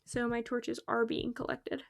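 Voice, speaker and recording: On a live stream, a young woman chats casually as she plays a game, talking a lot and frequently laughing at what she says. Her voice is highish and gravelly, with a flat delivery and a slow pace.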